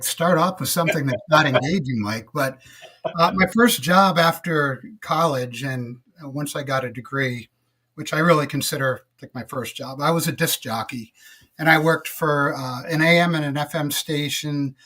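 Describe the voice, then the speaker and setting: Relaxed middle-aged man, slightly high voice. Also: moderate pace. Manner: relaxed, reflective, many filler words. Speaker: podcast guest. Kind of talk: casual interview storytelling.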